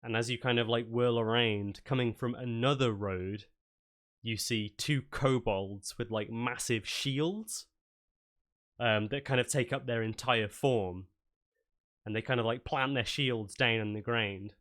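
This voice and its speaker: A man's voice: medium pitch, unhurried, fairly bright tone. A man narrating a tabletop game as game master in a loose, casual way with many fillers.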